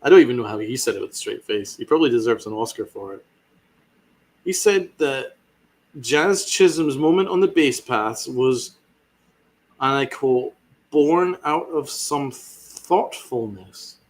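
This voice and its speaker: A man's voice: medium pitch, expressive, moderate pace, pauses often. A man hosting a sports podcast, ranting with fiery sarcasm and heavy swearing. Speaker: podcast host.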